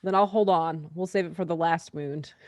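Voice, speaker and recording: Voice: medium pitch, steady tone, moderate pace, dry recording. Laughing, fretful tabletop player. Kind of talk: casual tabletop play.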